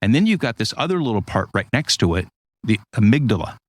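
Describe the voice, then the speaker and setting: A man in casual conversation, explaining ideas through lively stories and acted-out quotes. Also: fairly low pitch, fast, dry recording. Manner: animated storyteller, acts out quotes.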